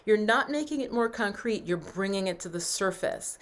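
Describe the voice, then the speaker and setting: A woman mindset coach talking earnestly to her viewers, guiding breathing and affirmations in a slow, soft voice. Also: medium pitch, expressive. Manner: earnest, encouraging, slows and softens for breathing exercises. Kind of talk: coaching talk with guided affirmations.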